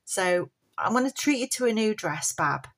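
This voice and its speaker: A woman's voice: medium pitch, lively intonation, moderate pace, fairly bright tone. A woman chatting homely and casually to viewers on a budgeting vlog. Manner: chatty, homely, affectionate terms like bab and chick. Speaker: budgeting vlogger.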